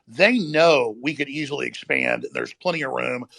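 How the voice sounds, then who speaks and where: A man hosting a heated political talk, ranting fast and emphatically. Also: mid-range voice, expressive, vocal fry, pushed and bright, no echo. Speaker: host.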